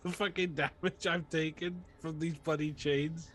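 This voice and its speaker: A man's voice: a little high, fairly even intonation, a little slow, a bit bright. A man playing in a tabletop role-playing game, hesitant and stammering, self-mocking and given to swearing. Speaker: player. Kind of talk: casual tabletop play.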